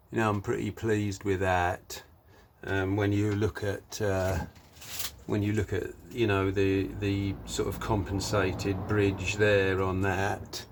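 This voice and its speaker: A man's voice: low voice, a little hiss or hum. A man talking casually through a guitar build in his workshop, rambling with lots of fillers. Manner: rambling, many fillers and "sort of thing".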